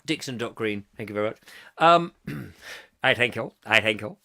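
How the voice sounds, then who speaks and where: A man's voice: lowish voice, animated, normal speed, creaky, pauses often, bright, forceful tone. A man hosting a comic live chat show, rambling through stories, laughing often and slipping into silly voices. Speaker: host.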